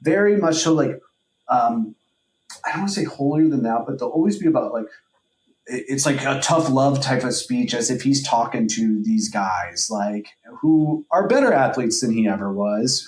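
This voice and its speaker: A man's voice: medium pitch, animated, normal speed. A man co-hosting a podcast in casual chat. He rambles with heavy filler words and swearing. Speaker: podcast co-host. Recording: echoey room.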